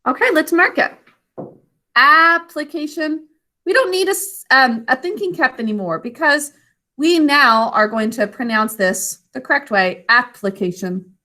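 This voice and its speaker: A woman teacher leading a spelling lesson for children, slowly and carefully sounding out syllables and giving encouraging praise. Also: high-pitched, lively intonation, bright, forceful tone. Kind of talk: online literacy lesson for children.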